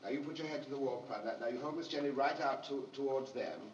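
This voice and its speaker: A man's voice: mid-range voice, quick pace. Coaxing male director on an old noisy recording. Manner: coaxing, patient, repeats instructions, calls the child darling. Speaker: film director. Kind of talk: directing actors on set. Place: film set. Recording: hiss-laden muffled archival recording from a distance.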